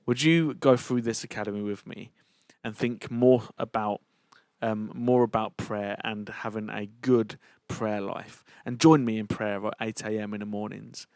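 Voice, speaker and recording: A man's voice: lowish voice, steady tone, measured pace, darkish tone, no room sound, studio quality. A man, sharing a personal testimony as a church leader in an earnest, chatty way.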